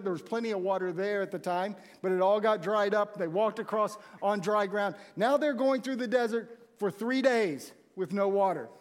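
A man preaching a conversational sermon and acting out the people in the story. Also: high-pitched. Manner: conversational, animated storytelling with acted-out quotes. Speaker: pastor. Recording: long hall reverb.

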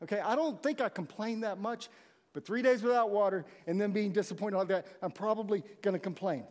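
A man's voice: high voice, a little fast. A man preaching a conversational sermon and acting out the people in the story. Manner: conversational, animated storytelling with acted-out quotes. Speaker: pastor. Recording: long hall reverb.

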